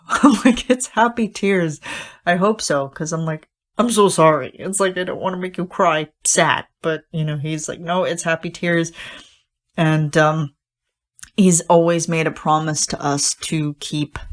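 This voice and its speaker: Low-voiced woman gushing on a podcast. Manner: gushing, rambling, many fillers and restarts. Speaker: podcast host. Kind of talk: casual solo podcast talk.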